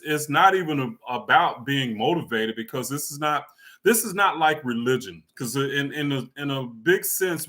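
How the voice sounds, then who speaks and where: A man's voice: mid-range voice, a bit bright. A man hosting a live question session, casually greeting viewers by name and answering spiritual questions with many fillers and repeats. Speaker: livestream host answering questions.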